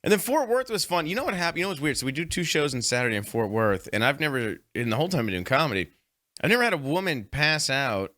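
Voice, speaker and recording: A man co-hosting a comedy podcast, telling profane, excitable road stories in casual banter. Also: fairly high pitch, fast, no echo. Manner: profane, excitable, laughing storyteller. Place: small recording studio. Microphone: studio microphone.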